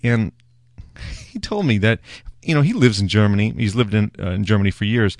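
A man's voice: fairly low pitch, lively intonation, moderate pace, dry recording, clean studio sound. A man hosting his own beer show, talking casually in a rambling, wry, self-mocking way as he tastes a beer. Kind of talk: casual solo beer-tasting talk.

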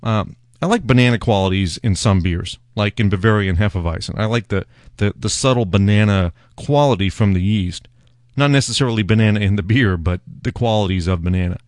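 A man's voice: fairly low pitch, a little fast, no echo, studio quality. A man hosting his own beer show, talking casually in a rambling, wry, self-mocking way as he tastes a beer. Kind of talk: casual solo beer-tasting talk.

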